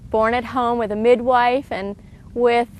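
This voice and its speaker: High-voiced woman sharing an earnest testimony. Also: flat delivery, a little mellow. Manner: earnest and heartfelt, with halting restarts. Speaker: speaker giving a personal testimony. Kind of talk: emotional personal testimony.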